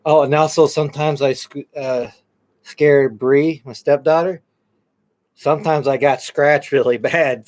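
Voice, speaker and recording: A man's voice: on the high side, steady tone, measured pace, a little mellow. A man co-hosting a paranormal show in loose, rambling chat, laughing often and swearing casually. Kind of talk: casual live-stream chat.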